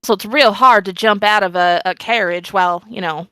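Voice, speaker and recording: A woman's voice: mid-range voice, pushed and bright, clean tone, no echo. A woman chatting and joking as a player in an online tabletop game. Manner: chatty, joking, quick asides. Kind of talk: casual online game chat.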